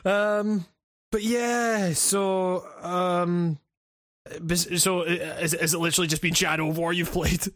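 A man's voice: sits high, level tone, a little slow, fairly bright tone, no room sound, studio quality. A man chatting casually on a podcast, stumbling over restarts and swearing freely. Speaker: podcast co-host. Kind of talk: casual chat.

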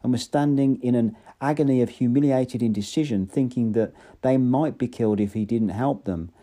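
A man's voice: mid-range voice, moderate pace, dark tone. A man narrating an audiobook in an unpolished reading with occasional slips and restarts.

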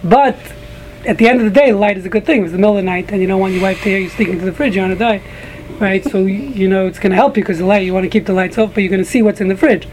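A man's voice: high-pitched, very fast, a little mellow, slight background noise, low-quality recording. A man teaching a casual group Talmud class, rambling with frequent restarts and joking asides to a small room of listeners.

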